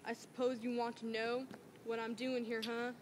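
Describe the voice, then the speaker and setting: A woman voicing a tough, bitter working-class man in an amateur play reading, talking in rough, clipped street slang. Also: a little high, flat delivery, normal speed, lightly acted. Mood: wistful. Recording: loud background noise.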